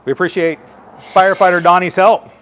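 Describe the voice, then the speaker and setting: Patient firefighter explaining gear to kids. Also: male voice, high-pitched, flat delivery, a little fast, fairly bright tone. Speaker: firefighter giving a station tour. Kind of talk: live demonstration for children.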